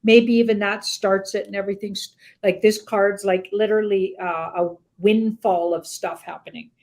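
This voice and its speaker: A woman's voice: mid-range voice, fairly even intonation, moderate pace, a little mellow. A woman doing a casual tarot reading on a live show, rambling and hedging with "like". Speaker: tarot reader.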